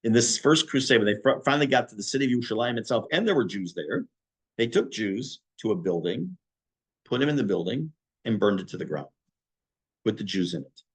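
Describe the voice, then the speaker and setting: A middle-aged man, a rabbi, teaching a history class in a conversational way, pausing for asides to his listeners. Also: on the low side, expressive, husky. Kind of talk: informal history lecture.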